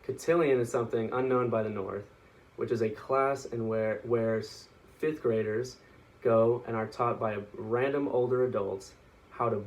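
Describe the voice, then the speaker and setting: A man's voice: lowish voice, a little mellow, distant mic, poor audio. A young man from Texas, giving a casual, joking informative speech to his class. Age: young adult. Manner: casual, joking, with small restarts.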